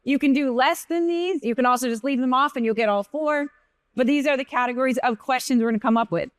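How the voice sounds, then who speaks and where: A woman with a high, clear, smooth voice leads a live coding demo, talking casually and correcting herself as she goes. The sound is close and dry. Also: fast, dry recording. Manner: casual, chatty, with fillers and self-corrections. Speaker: developer presenter. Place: conference stage.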